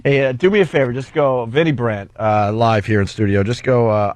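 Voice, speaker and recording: A man's voice: medium pitch, dry recording. Teasing male radio host, dry studio sound. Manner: teasing, quick to laugh. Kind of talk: casual radio banter. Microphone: studio microphone.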